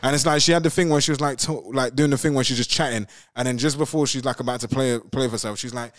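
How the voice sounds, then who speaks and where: A man's voice: medium pitch, fast talker, hardly any pauses, no echo, clean studio sound. A young man, co-hosting a live call-in show, teasing and full of slang. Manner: slangy, teasing, says bruv constantly. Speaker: co-host. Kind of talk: casual live call-in banter.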